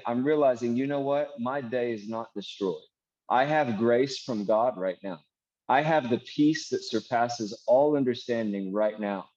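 A man teaching how to pray through scripture, reading verses slowly and turning them into earnest prayer. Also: medium pitch, a little mellow, muffled recording. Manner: earnest, slows to read verses aloud as prayer. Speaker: minister.

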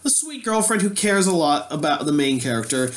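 A man's voice: a little high, sing-song, fairly quick, slight background noise. A man in casual chat, blunt and opinionated, who swears freely.

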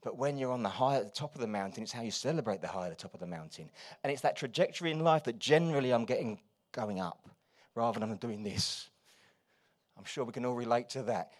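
A man preaching a sermon, moving between quiet, confiding asides and loud, urgent exhortation. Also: medium pitch, lively intonation, fast talker. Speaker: pastor.

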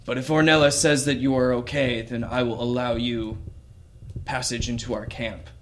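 A man's voice: medium pitch, little pitch movement, moderate pace, natural voice. A man voicing a big, snorting, distrustful male creature who speaks bluntly and grudgingly.

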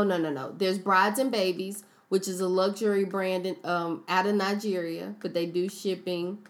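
A woman co-hosting a casual podcast chat, talking through recommendations with plenty of fillers. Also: lowish voice. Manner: chatty, recommends businesses with frequent fillers. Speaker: podcast co-host.

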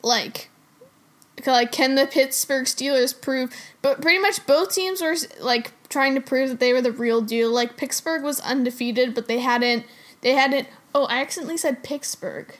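A woman's voice: high voice, moderate pace. A woman co-hosting a casual sports chat, chatty and playful, breaking down games. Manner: chatty, giggly, interrupts playfully. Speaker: podcast co-host.

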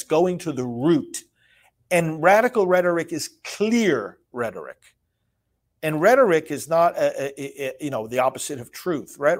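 A man hosting a solo political commentary show, reading from a speech and discussing it emphatically, often repeating words and restarting phrases. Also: fairly high pitch. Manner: reads quoted lines slowly and forcefully.

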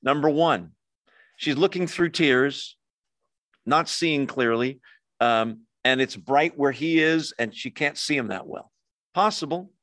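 A man's voice: mid-range voice, slow pace, dry recording, studio quality. An older man teaching the Bible in a chatty, conversational way, often asking his listeners questions. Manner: chatty, asks the audience questions, animated. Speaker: pastor. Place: church hall with in-person and online audience.

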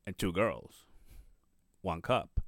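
A man's voice: low voice, expressive, slow pace, no room sound, clean studio sound. A man co-hosting a podcast, telling a long story in casual chat and acting out the people in it, swearing freely. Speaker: podcast co-host.

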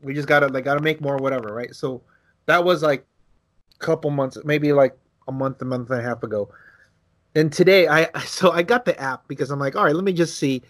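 A man co-hosting a podcast, telling a casual story, acting out quotes with big jumps in his voice and swearing freely. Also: a little fast. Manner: animated, acts out quotes with big pitch jumps. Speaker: podcast co-host.

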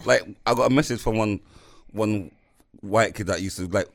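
A man's voice: on the low side, moderate pace, creaky. A man, co-hosting a podcast and teasing the others in casual banter. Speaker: podcast co-host. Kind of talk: casual chat.

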